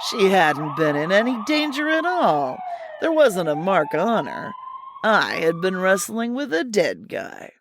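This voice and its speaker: A woman narrating a hardboiled comic mystery story in a wry, deadpan, theatrical way. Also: medium pitch, measured pace, background noise.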